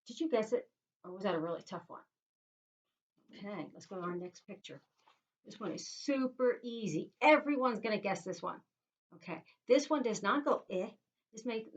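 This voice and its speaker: A woman, a teacher leading young children through a phonics lesson in a sing-song, animated way, sounding out letter sounds. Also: mid-range voice, highs cut off. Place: inside a small tent.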